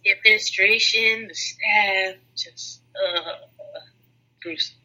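A woman's voice: mid-range voice, steady tone, slow pace, bright, forceful tone, rough recording. A woman on a podcast commiserating in a weary, blunt, casual way. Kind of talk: casual chat.

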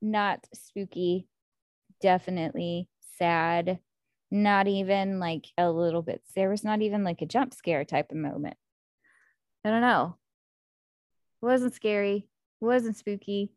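A woman's voice: medium pitch, unhurried, long pauses, dry recording. American girl rambling about a book, lots of likes, dry mic. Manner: chatty, animated, many "like" fillers. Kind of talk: casual book-club chat.

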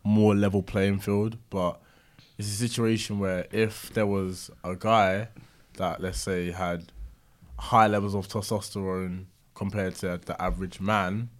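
A low-voiced man hosts a relaxed podcast chat. He explains things at length in an easygoing, unhurried way. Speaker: podcast host. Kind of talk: casual chat.

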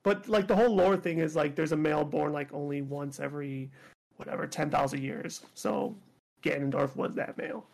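A man's voice: on the high side, a little fast, gravelly, a little mellow. A man co-hosting a podcast in casual chat, laughing often and restarting his sentences. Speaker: podcast co-host.

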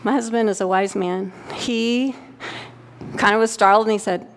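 A woman's voice: mid-range voice, steady tone, unhurried, pauses often, a little hiss or hum. A middle-aged woman giving a sermon to a congregation, talking candidly and conversationally and often checking in with her listeners. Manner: conversational, candid storytelling with frequent "right?" check-ins. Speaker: pastor's wife preaching. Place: church sanctuary. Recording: church hall with long reverb.

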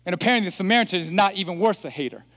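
A man preaching a sermon as pastor, animated and throwing rhetorical questions at the congregation. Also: high voice, rapid-fire. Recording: long hall reverb.

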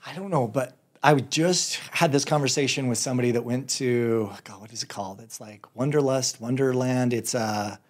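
A man's voice: mid-range voice, moderate pace, few pauses. A man as a podcast guest, talking earnestly and casually about personal growth, laughing often. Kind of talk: casual conversation.

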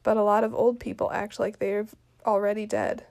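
A woman reading the part of an impatient lovesick teenage girl aloud from a play, quiet and soft with some words whispered. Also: mid-range voice, little pitch movement, normal speed, gravelly, natural voice. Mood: eager.

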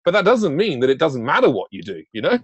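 A man's voice: fairly high pitch, huge pitch swings, fast talker, husky, dry recording, highs cut off. A man hosting an interview, friendly and appreciative, talking casually with many fillers. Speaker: interviewer, podcast host. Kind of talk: conversational interview.

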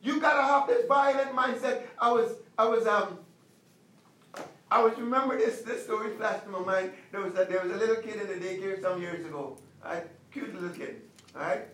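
A male pastor preaching a sermon, emphatic, repeating commands and slowing down to stress them. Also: high voice, fairly bright tone, echoey room, distant mic, slight background noise, low-quality recording.

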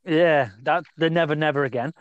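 A man's voice: a little high, brisk, clean tone, dry recording, highs cut off. A man co-hosting a podcast, bantering casually, laughing and swearing as he tells stories. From English West Midlands. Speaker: podcast co-host.

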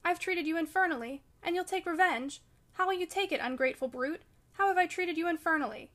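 A woman's voice: very high-pitched, brisk, a bit bright, voice pushed up. A woman reading the part of a proud, fiery young lady of the house in an audiobook, scolding and commanding. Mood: imperious. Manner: imperious and scolding.

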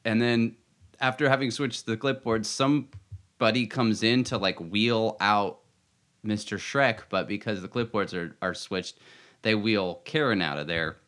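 A man's voice: lowish voice, measured pace, a bit bright. A man co-hosting a casual podcast, recapping an episode in a rambling way with lots of fillers and laughs. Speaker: podcast co-host.

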